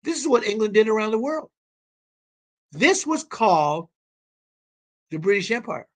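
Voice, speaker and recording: A man's voice: high-pitched, very animated, measured pace. A man talking as a call-in show guest, explaining at length in an emphatic, rambling way and swearing now and then. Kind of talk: casual explanatory talk.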